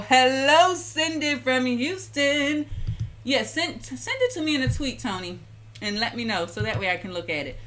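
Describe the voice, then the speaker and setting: A woman's voice: medium pitch, noisy background. Chatty woman hosting a live stream. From Philadelphia. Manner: chatty, greets viewers by name. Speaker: live-stream host making lotion. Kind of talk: casual live-stream demonstration. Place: home kitchen.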